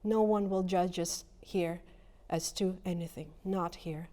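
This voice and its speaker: A woman poet reading her verse slowly and deliberately, leaning hard on single words. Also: on the low side, fairly even intonation, mellow. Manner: measured, emphatic, lingering on single words. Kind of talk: poetry reading.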